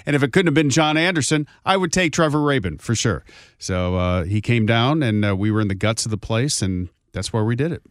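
A man with a mid-range voice chats casually as a podcast co-host. He hesitates often and fills his pauses. The recording is dry and close. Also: mid-range voice, lively intonation, no echo. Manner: hesitant, lots of fillers and restarts.

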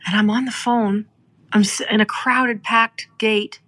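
A middle-aged woman from Canada, hosting a podcast and telling a moving story in an earnest, heartfelt way, slowing down for emphasis. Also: medium pitch, fairly even intonation, fairly bright tone. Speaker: podcast host. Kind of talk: emotional storytelling.

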